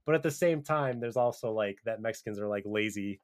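A man's voice: fairly low pitch, a little fast. A man co-hosting a podcast, rambling in loose chat full of "like" and restarts. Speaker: podcast co-host. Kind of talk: casual podcast banter.

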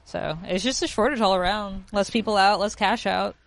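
A woman's voice: mid-range voice, normal speed, creaky, no echo. A woman in casual chat who explains things and says "like" a lot. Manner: explaining, lots of "like".

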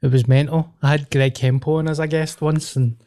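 A man's voice: on the high side, level tone, a little fast, dark tone, no room sound. Sweary Glaswegian man hosting a podcast. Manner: swearing, laughing, rambling banter. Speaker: podcast host. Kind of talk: casual podcast chat.

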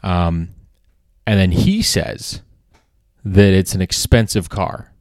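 A man with a fairly low voice recounts a story on his podcast, rambling, doubling back on himself and dropping swear words for emphasis. The sound is dry and close, with no room around it. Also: slow pace, a little mellow, no echo. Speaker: podcast host. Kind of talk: casual storytelling.

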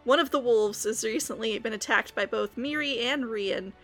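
A woman's voice: on the high side, normal speed, fairly bright tone. Woman narrating a game, faint music. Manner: vivid descriptive narration. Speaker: game master.

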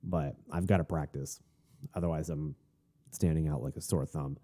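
A young man from Florida, hosting a podcast, tells a rambling, animated story in a casual rant with frequent restarts and asides. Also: a bass voice, normal speed. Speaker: podcast host. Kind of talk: casual ranting monologue.

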